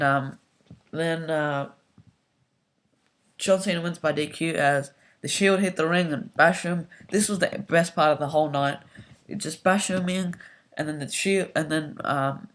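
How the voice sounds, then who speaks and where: A man's voice: on the high side, a bit bright. A young man giving a rambling, casual spoken review full of fillers and restarts. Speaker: wrestling show reviewer.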